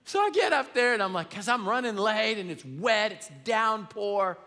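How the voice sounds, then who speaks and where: A man preaching a sermon as pastor, telling a story with humor in an animated, emphatic way and. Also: high-pitched, moderate pace, faint music behind. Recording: long reverb of a large hall.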